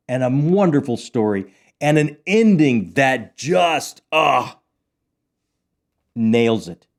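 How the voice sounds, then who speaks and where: A man's voice: fairly high pitch, a little mellow. A middle-aged man chatting casually about a book he loved, enthusiastic and rambling, with many fillers. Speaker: book channel host. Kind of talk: casual book review chat.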